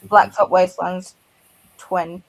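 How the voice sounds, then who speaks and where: Woman, book club member; unhurried, fact-checking, gravelly edge to the voice. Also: fairly low pitch, flat delivery, poor audio. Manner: checks facts, corrects herself. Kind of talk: casual book chat.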